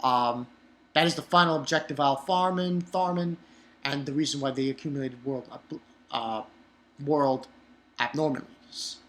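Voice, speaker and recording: A man's voice: normal speed, a bit bright, slight background noise. Young guy rambling thru a manga recap, swears a lot, voice shoots up when he gets annoyed. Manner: rambling, swearing, pitch jumps up when exasperated. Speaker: manga reviewer. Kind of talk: casual chapter recap.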